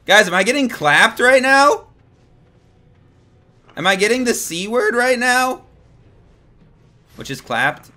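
A young man giving live, excitable gameplay commentary to his chat, swearing and laughing as he plays. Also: extremely high pitch, slow, long pauses. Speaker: streamer.

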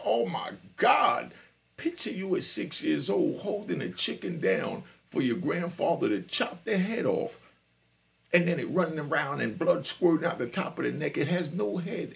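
A man's voice: fairly high pitch, gravelly. A man from Jamaica, hosting a live podcast and telling his life story in a street-talk style, often checking that listeners understand. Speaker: podcast host.

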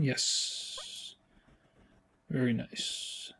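Playful man with a mellow voice. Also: unhurried, breathy edge. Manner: playful, exclaims in high squeals at the game. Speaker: gaming channel host. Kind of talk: casual let's-play commentary.

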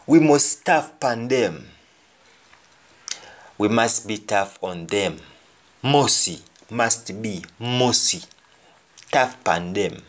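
A man teaching a language lesson, repeating each example phrase deliberately. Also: on the low side.

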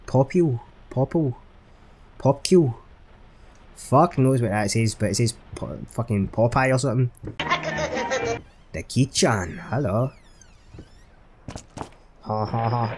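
A man hosting a gaming channel gives let's-play commentary on a horror game, swearing, joking and reacting with jumps. He is recovering from a chest infection. His voice sits at medium pitch, and the background is noisy.

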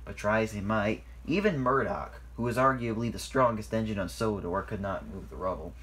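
A man's voice: lowish voice, brisk, fairly bright tone, slightly rough. A man reading his own fan story aloud, informally and with small slips.

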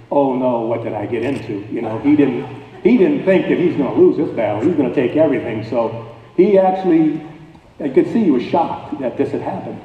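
A man gives a lively, folksy talk to a church dinner crowd in plain everyday grammar, his voice pitched a little high. He is caught from far off in a hall with heavy echo. The sound is thin and narrow, like a phone line. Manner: animated, folksy storytelling with plain colloquial grammar. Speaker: guest speaker. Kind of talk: telling a personal story to an audience.

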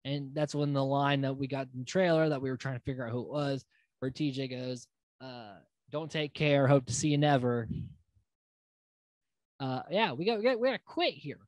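A man recaps a reality show in a loose, chatty way, leaning on fillers and dropping the odd curse. His voice sits at a middle pitch. The recording is close and dry, with no room sound. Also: brisk, no echo. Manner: rambling and conversational, with frequent fillers and casual swearing. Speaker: podcast host.

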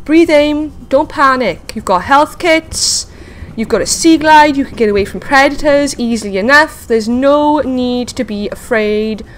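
A woman hosting a casual game video, chatting excitedly to viewers and talking to the creatures she meets. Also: high-pitched, unhurried, slight background noise. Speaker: gaming video host. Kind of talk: casual let's-play commentary.

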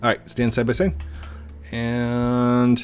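A man's voice: mid-range voice, completely flat delivery, slow pace, faint music behind. A man hosting a game channel, chatting casually over gameplay and laughing often between self-deprecating asides.

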